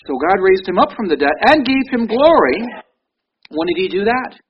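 A man's voice: sits high, big pitch swings, normal speed, husky, lo-fi sound. A man preaching a sermon in a conversational way, reading scripture aloud. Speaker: pastor.

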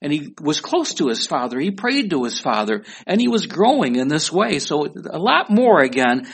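A man's voice: fairly high pitch, very animated, normal speed, creaky, slightly rough. A man preaching a sermon in a conversational way, asking his listeners questions. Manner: conversational, asks the audience questions. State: weak voice. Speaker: pastor.

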